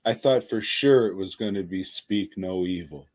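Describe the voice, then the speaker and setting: A man co-hosting a podcast, recommending movies with profane, deadpan jokes. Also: deep voice, normal speed. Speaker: podcast co-host. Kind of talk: casual podcast chat.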